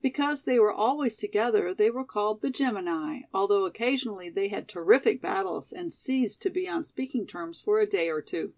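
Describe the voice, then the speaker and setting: A woman reading a classic novel aloud in steady, measured narration. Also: medium pitch. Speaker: audiobook reader.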